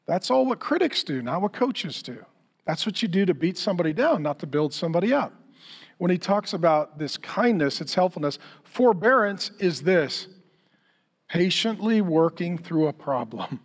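A middle-aged man preaching a sermon as a pastor, telling lively stories and speaking straight to the congregation with questions. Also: sits high. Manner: lively storytelling, acts out quotes for humor; addresses the congregation directly with questions.

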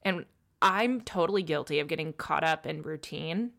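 A woman's voice: low voice, normal speed, vocal fry, fairly bright tone. A young woman, an ICU nurse co-hosting a podcast, telling a heartfelt story in casual chat and dropping to a whisper for quoted words.

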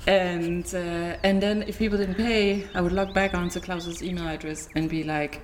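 A woman's voice: fairly low pitch, fairly even intonation, moderate pace, few pauses, slight background noise. A woman entrepreneur chatting candidly as a guest in an interview, often laughing as she talks. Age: adult, married. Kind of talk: casual interview chat.

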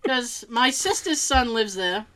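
Woman, middle-aged, podcast co-host, casual chat, profane storyteller, bright tone. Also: on the high side, lively intonation, a little slow, a little hiss or hum. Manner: profane, storytelling, imitates family in quotes.

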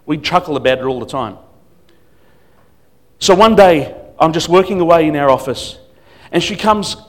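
A man's voice: on the high side, lively intonation, normal speed. A man preaching as a guest pastor, telling stories with humor and acting out what people said. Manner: storytelling with humor and acted quotes. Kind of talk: sermon.

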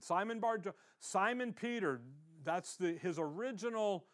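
A man's voice: high voice, measured pace, few pauses, a bit bright. Man teaching a Bible lesson. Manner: conversational, reads scripture aloud and asks the listeners questions. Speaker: pastor. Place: church.

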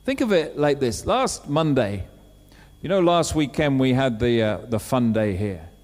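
A man preaching a sermon, telling a story with lively acted-out quotes. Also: medium pitch, a little slow, faint music behind. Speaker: pastor. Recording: long hall reverb.

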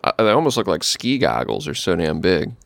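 A man's voice: sits low, very animated, brisk, gravelly, dry recording, studio quality. A man co-hosting a podcast, laid-back and wisecracking in casual banter with friends. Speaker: podcast co-host and streamer.

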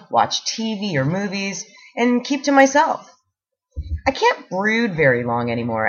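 A woman reading her own blog post aloud with a wry, self-mocking humor. Her husky voice rises and falls in a lively way. The recording sounds dull and lo-fi. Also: lowish voice.

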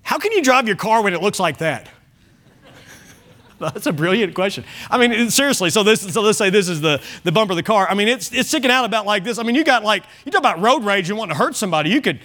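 A male pastor preaching an evening sermon, emphatic, with frequent restarts and softer asides. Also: sits high, animated, fast talker. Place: church service.

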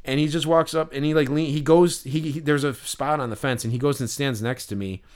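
A man's voice: mid-range voice, a little fast. A man co-hosting a podcast, chatting casually and telling stories in a rambling way, full of fillers and restarts. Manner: animated when telling stories. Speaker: podcast co-host. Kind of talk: casual chat and storytelling.

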